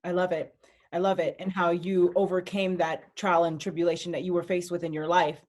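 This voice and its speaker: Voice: medium pitch, level tone, a little fast, a little mellow. An interview host asking questions with frequent hesitation fillers. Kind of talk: interview talk.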